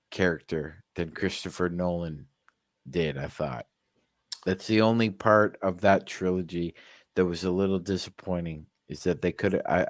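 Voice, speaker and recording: A low-voiced man co-hosts a casual chat, talking about films with enthusiasm and analysis. His voice sounds dry and close, with no room echo. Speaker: co-host.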